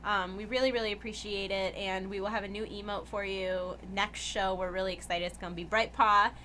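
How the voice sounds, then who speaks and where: A woman's voice: medium pitch, fairly even intonation, fairly quick, bright, forceful tone, slight background noise. A young woman co-hosting a game news stream, chatty and thankful, speaking with fillers and laughs. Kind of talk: casual stream sign-off chat.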